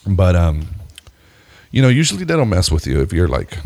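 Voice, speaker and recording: A man telling a story in casual chat, animated, jumping up in pitch when he acts out what people said, swearing and laughing along the way. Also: moderate pace, no room sound. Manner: animated storyteller, jumps high when acting out quotes, laughs often; swears freely, says "bro" and "dude". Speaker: podcast co-host telling a story.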